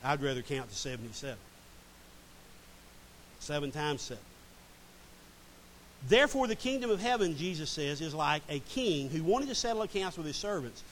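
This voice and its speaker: A man's voice: fairly high pitch, big pitch swings, moderate pace, fairly bright tone, poor audio. A middle-aged man preaching a sermon and reading scripture dramatically. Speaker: pastor. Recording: faint hiss.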